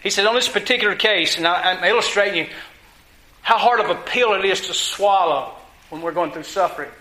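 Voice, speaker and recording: A man's voice: high voice, a little fast, pushed and bright. A man preaching a sermon in a folksy, conversational way, full of rhetorical questions to his church. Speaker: pastor. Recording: echoey room.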